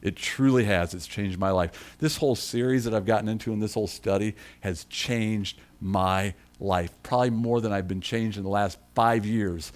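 A man's voice: on the low side, fairly even intonation, moderate pace, hardly any pauses. A middle-aged man preaching a sermon as pastor, telling a personal story with enthusiasm and frequent repeats.

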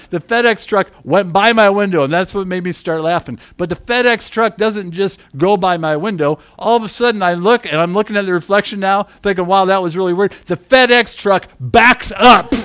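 The speaker is a middle-aged man preaching, and his voice is high-pitched and smooth. He tells a personal story, alternating hushed remarks with loud, emphatic bursts, and pokes fun at himself with frequent chuckles.

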